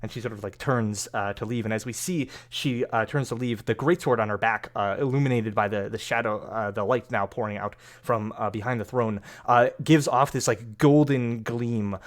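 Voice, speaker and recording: Rambling male game master, low voice. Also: normal speed, few pauses. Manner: rambling, full of fillers and hedges. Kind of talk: narrating a tabletop game on a live stream.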